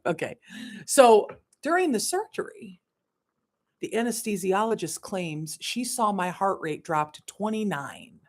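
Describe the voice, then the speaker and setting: A woman spiritual coach telling a personal story on a casual livestream, animated, cursing and laughing as she talks. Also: medium pitch, measured pace.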